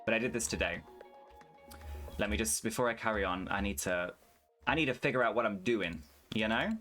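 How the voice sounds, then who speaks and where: A young man with a fairly low voice talks casually over a game stream. He rambles and swears freely, slipping into rants. Soft music plays faintly behind him. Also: fairly quick. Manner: chatty, swears freely, ranting. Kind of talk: casual gameplay commentary.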